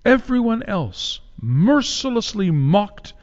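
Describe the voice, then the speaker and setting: A man preaching a sermon dramatically, asking rhetorical questions and swinging between loud and hushed delivery. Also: sits high, sing-song, slow pace. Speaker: pastor. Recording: long hall reverb, dull lo-fi sound.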